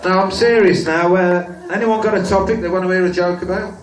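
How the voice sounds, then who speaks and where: A middle-aged man doing a live stand-up set, with deadpan, rambling one-liners and mumbled asides. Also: high voice, brisk. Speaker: stand-up comedian. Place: pub function room with a live audience. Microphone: audience recording from the room, far from the stage. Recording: echoey, distant amateur pub tape with crowd noise. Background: laughing audience, church organ music.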